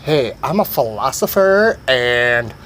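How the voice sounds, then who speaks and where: A man's voice: medium pitch, sing-song, takes it slowly, a bit bright, a little hiss or hum. A man voicing a laid-back army general who talks in an easygoing drawl. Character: laid-back army general, friendly, pompous about being a philosopher.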